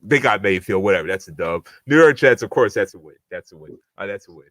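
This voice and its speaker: A man co-hosting a casual sports podcast, running through a schedule game by game. His pitch swings up and down with plenty of life. The sound is dry and close, with no room around it. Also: no echo. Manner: animated, grading each game in a quick list. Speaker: podcast co-host.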